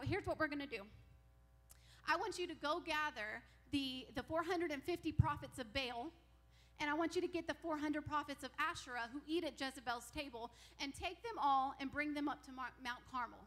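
A woman pastor preaching a sermon, retelling a Bible story in an animated way and acting out the characters' lines. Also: high-pitched. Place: church sanctuary.

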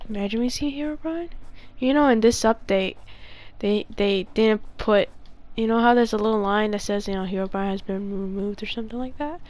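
A woman's voice: medium pitch, fairly quick, darkish tone. A woman giving casual, playful gameplay commentary, chatting and sometimes muttering or whispering to herself. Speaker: gaming video creator.

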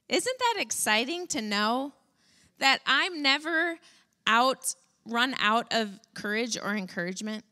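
Woman, sermon, animated preaching, bright fairly high voice. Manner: animated, acts out whiny complaints in a high voice.

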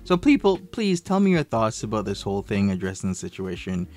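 A man's voice: on the low side, big pitch swings, brisk, a little mellow, faint music behind. A man hosting a commentary video, talking in an easygoing, hesitant way with frequent fillers. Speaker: commentary channel host. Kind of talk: casual commentary.

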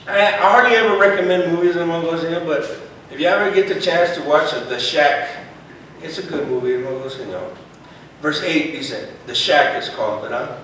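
A man with a somewhat high voice preaches a sermon from a distance in a very echoey room. He peppers his talk with Spanish phrases, "hermano" and "praise God," and his voice swells when he reads scripture aloud. A faint low rumble sits under the recording. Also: fairly bright tone. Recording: very echoey room, voice far from mic.

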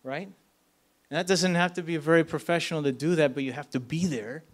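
At a church event, a man with a fairly high pitch and moderate pace delivers a storytelling sermon. It's casual and filler-heavy, packed with "like" and "right?", and he regularly checks in with the crowd.

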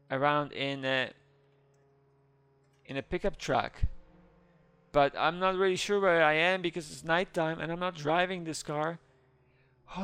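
Male gaming host, gravelly and slightly high, excitable live play-by-play, dry close-miked sound. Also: no echo. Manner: excitable, narrates his own actions, squeals when scared. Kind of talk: live gameplay commentary.

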